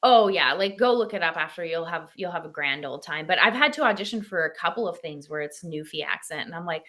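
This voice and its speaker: A woman actress as a podcast guest, chatting in an animated way and laughing easily. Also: lowish voice, fairly quick. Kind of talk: casual interview chat.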